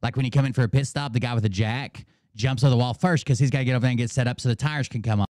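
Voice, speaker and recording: A man's voice: mid-range voice, very fast, a little mellow, no echo. A man hosting a casual commentary show, rambling and mocking the clips he plays, talking into a close mic. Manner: rambling, mocking, laughs often. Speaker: host reacting to clips.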